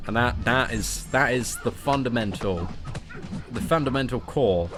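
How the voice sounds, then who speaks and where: A man's voice: medium pitch, a little slow. Jokey English man streaming games. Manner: jokey, chatty, calls listeners mate and boys. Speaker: gaming streamer. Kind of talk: casual live-stream chat while gaming.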